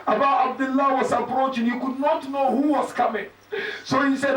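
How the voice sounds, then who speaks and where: A man's voice: extremely high pitch, level tone, moderate pace, a bit bright. A man, a sheikh giving a mournful Muharram sermon, reciting with emotion and sometimes crying out. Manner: emotional recital, breaking into raised cries. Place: mosque hall. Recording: echoey hall from far off, faint noise.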